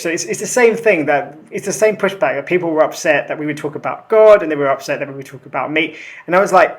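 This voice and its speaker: A man with a raised, high-set voice speaks as a podcast guest. He talks animatedly and slips into little acted-out exchanges as he makes his case. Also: fast, few pauses. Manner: animated, acts out quoted exchanges. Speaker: guest author. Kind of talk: casual podcast discussion.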